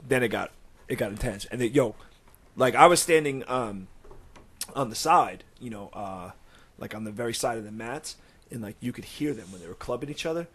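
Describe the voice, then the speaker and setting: Man, mid-pitched voice, casual podcast chat, loose filler-heavy talk. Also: lively intonation, normal speed, a bit bright, husky.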